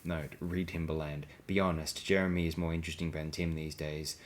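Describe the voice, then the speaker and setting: A man's voice: very deep voice, flat delivery, a little fast, slight background noise. A man reading blog posts aloud as an audiobook, with a dry, sardonic delivery. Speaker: audiobook reader.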